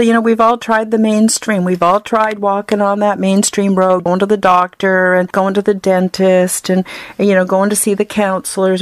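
A woman's voice: medium pitch, no echo. A woman from Canada, giving an earnest, effusive personal testimonial.

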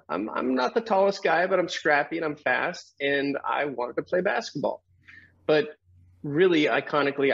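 Husky man telling a story. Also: on the high side, dull audio. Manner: animated storyteller, acts out quoted voices, laughs often. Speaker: guest. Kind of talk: storytelling interview answer.

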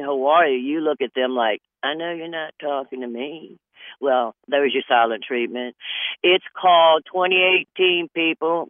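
A man's voice: mid-range voice, no echo. Older man rambling through wry comic asides. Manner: meandering, wry asides, repeats "I'm just saying". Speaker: comedian. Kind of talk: rambling stand-up monologue. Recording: dry, tinny phone-like radio audio.

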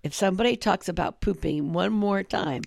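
A woman co-host with a low, gravelly voice who chimes in with quick, wry remarks. The recording is close and dry. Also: a little mellow, no echo. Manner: supportive listener, quick wry asides. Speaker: radio show co-host. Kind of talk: casual comedic chat.

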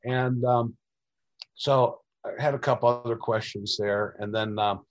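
A man's voice: medium pitch, steady tone, unhurried, dull audio. Male interview guest, rambling storyteller who acts out quoted dialogue. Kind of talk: recounting personal experiences.

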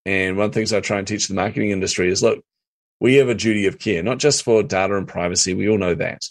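A man's voice: on the low side, steady tone, fast. A middle-aged man, telling stories as a guest in an interview and acting out his own reactions. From New Zealand. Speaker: podcast guest, marketing coach. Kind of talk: storytelling interview chat.

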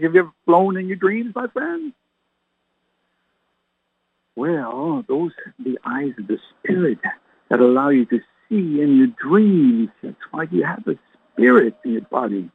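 A man's voice: mid-range voice, gravelly, husky, dry recording. A man preaching as a reverend, firing rhetorical questions at his listeners and calling them his friends. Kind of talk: radio sermon. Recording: tinny phone-like radio sound, dry.

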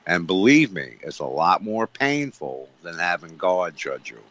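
A man's voice: low voice, sing-song, a little slow, a bit bright. A man on a radio show talking about faith emphatically, repeating himself and asking rhetorical questions. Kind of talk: preachy spiritual talk. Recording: dull lo-fi radio sound.

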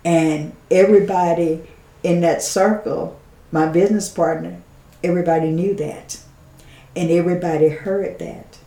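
A woman, a guest on an interview show, giving a heartfelt personal testimony as an animated storyteller who laughs often and drops to a hush when quoting others. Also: on the low side, normal speed, reverberant.

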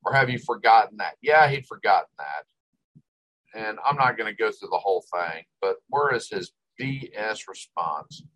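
A man's voice: fairly low pitch, expressive, moderate pace, fairly bright tone, low-quality recording. An older man hosting a talk show, ranting with exasperation and sarcasm. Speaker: host. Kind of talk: ranting commentary.

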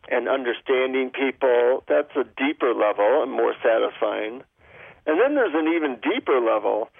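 A man with a gravelly voice explains his points calmly, often stopping to give an example. He is heard over a tinny, dry phone line. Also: medium pitch, no echo. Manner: calm, explanatory, gives spoken examples. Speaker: guest, relationship author.

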